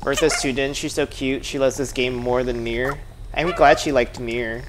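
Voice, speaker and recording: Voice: mid-range voice, fairly even intonation, moderate pace, noisy background. A game streamer giving casual let's-play commentary, chatting and muttering asides to themself and the viewers. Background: game music.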